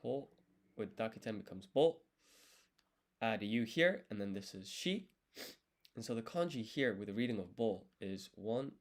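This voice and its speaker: Low-voiced man counting strokes aloud. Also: expressive, moderate pace, long pauses. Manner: counts strokes aloud, explains patiently as he writes. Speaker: language learner streaming his study. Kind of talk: casual live study session, thinking aloud.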